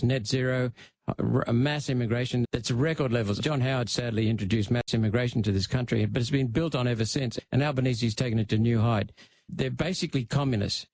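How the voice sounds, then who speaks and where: A man's voice: mid-range voice, a little mellow, no echo. A man with an Australian accent, a senator giving blunt, emphatic answers in a political interview. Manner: blunt, emphatic, punchy short phrases.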